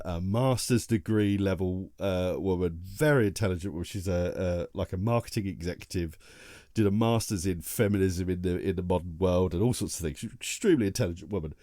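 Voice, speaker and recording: A tired man tells a long story on a casual podcast. He talks in loose, rambling runs, with plenty of restarts. His voice is low and mellow, and the recording is close and dry. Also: a little fast, no room sound. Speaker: podcast co-host. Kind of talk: casual chat.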